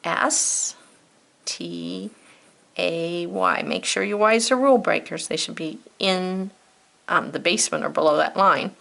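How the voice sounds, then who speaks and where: A woman teacher leads a children's spelling lesson, calmly spelling each word letter by letter. Her voice sits a little low, has a gravelly edge, and moves at a slow, patient pace. She thinks aloud and encourages her young listeners as she goes. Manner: thinks aloud, talks to herself.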